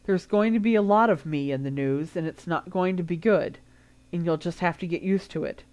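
A woman voicing a weary, steady father. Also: lowish voice, moderate pace, natural voice. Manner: even, tired, firm.

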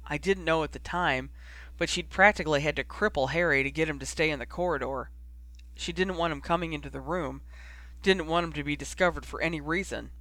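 A man's voice: on the high side, fairly quick, bright, forceful tone, no echo. A man reading a fan fiction story aloud as an audiobook, narrating and voicing the dialogue lightly. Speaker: audiobook reader.

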